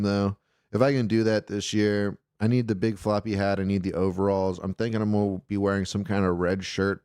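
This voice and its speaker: A man's voice: sits low, a little mellow, smooth, no room sound, clean studio sound. A man hosting an irreverent call-in live stream, talking casually and rambling loosely, with swearing. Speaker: call-in show host.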